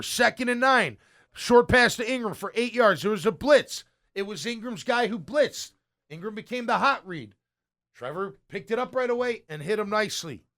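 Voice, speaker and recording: Like a sports show host having a chat, a middle-aged man with a fairly high voice narrates game film play by play in a casual way. He's blunt and excitable, with loud praise punctuated by quiet muttered asides.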